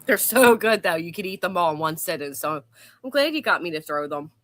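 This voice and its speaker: A woman's voice: fairly low pitch, lively intonation, fairly quick, fairly bright tone. A woman hosting a livestream, chatting casually and swearing freely. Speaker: stream host. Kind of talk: casual chat.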